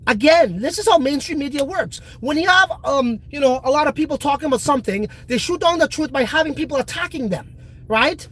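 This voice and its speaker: A man's voice: very high-pitched, lively intonation, brisk, a bit bright, low-quality recording. Blunt, profane man ranting on a livestream. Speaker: livestream host. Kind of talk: casual livestream chat.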